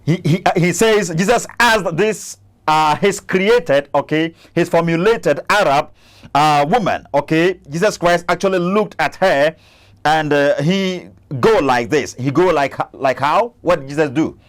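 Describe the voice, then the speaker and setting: High-voiced, stammering man refuting a clip. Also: a little slow. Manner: argumentative, stammering, repeats himself. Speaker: Christian apologist channel host. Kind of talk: commentary reacting to a clip.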